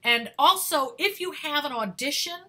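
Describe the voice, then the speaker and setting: A woman talent manager giving career advice to actors, energetic and emphatic, repeating words for stress and searching for words with fillers. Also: high-pitched, normal speed. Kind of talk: advice talk to camera.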